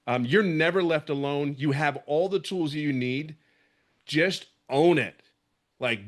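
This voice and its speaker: A middle-aged man from the Philadelphia area, giving an emphatic, impassioned testimonial in casual talk, with frequent restarts. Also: on the high side. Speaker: program member giving a testimonial.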